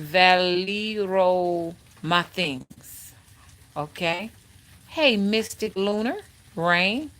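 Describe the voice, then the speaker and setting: A woman hosting a casual livestream as a spiritual reader, chatting and greeting viewers by name in a drawn-out, friendly way. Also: medium pitch, a bit bright.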